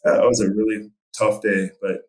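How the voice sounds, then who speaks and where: Low-voiced rambling fishing guide, roomy sound. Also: male voice, level tone, normal speed. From Montana. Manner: rambling, with many fillers and restarts. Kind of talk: casual storytelling interview.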